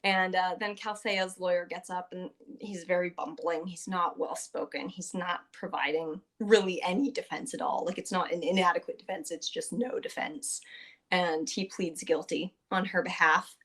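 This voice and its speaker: A woman's voice: lowish voice, fairly even intonation, moderate pace, a bit bright. A woman hosting a podcast, recapping a tabletop game session in a casual, chatty way with plenty of fillers and acted-out quotes. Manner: chatty, filler-heavy, often acts out quotes.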